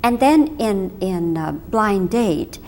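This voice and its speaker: A woman interviewer asking questions in a friendly, measured way in an old TV interview. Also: lively intonation, a little mellow. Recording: old TV interview with faint noise and rumble.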